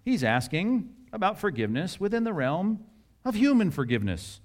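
Animated male preacher, lively pitch. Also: moderate pace. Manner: animated, conversational preaching with asides and jokes; acts out scripture dialogue in varied voices. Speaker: pastor. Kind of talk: sermon.

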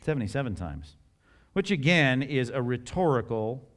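A middle-aged man preaching a sermon in an animated, conversational way, with jokes and asides and acted-out scripture dialogue. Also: mid-range voice, moderate pace. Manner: acts out scripture dialogue in varied voices. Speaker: pastor.

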